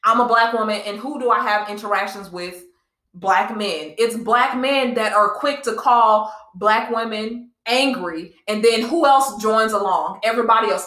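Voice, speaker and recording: In an echoey room, a young woman co-hosting a casual podcast talks with passion and emphasis. She repeats herself often, and her mid-range voice comes across as bright and forceful.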